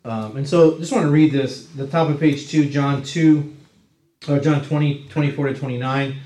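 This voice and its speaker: A man's voice: medium pitch, steady tone, normal speed, darkish tone. Man teaching a Bible class, roomy echo. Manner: conversational, checks in with 'right?' tags.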